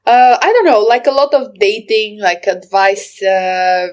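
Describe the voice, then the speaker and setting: A woman's voice: medium pitch, unhurried. Teasing woman, laughing podcast co-host. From Albania. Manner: laughs often, teasing, rambling with fillers. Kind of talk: casual chat. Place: lives in England, near Leicester.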